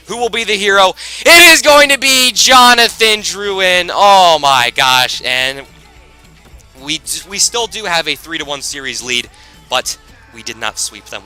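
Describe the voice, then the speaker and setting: A man commentating his own hockey video game season, excitable and quick to shout at big plays, with rambling asides. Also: fairly high pitch, low-quality recording. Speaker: gaming YouTuber.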